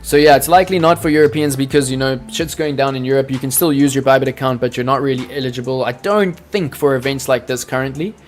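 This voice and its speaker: A man's voice: medium pitch, steady tone, fast talker, few pauses, soft background music. A man hosting a live crypto trading stream, chatting loosely and answering viewers by name. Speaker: crypto trading livestream host. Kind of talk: casual livestream chat to viewers.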